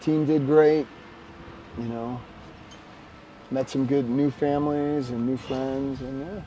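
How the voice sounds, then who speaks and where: A man co-hosting a casual podcast, telling stories with bursts of excited shouting. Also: medium pitch, takes it slowly, dull audio, a little hiss or hum. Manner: animated storyteller, bursts of excited shouting when retelling. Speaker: podcast co-host. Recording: slightly distant mic with faint background ambience.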